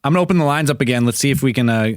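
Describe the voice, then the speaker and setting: Joking podcast host running call-ins. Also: male voice, mid-range voice, rapid-fire, no room sound, studio quality. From Canada. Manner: joking, laughing, runs the call-in lines. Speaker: podcast host taking calls. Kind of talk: casual chat.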